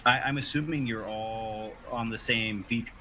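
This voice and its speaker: A man's voice: fairly low pitch, fairly even intonation, a little slow, bright, forceful tone, dull audio, slight background noise. A man narrating as game master over an online call, patiently explaining rulings to players.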